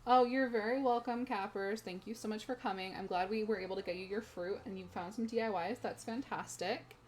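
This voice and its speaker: A woman's voice: mid-range voice, fairly quick, a little mellow, slight background noise. A young woman chatting casually to her viewers while streaming a game from home, laughing often. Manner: giggly, chatty, talks to chat. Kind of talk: casual gaming stream chat. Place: home room.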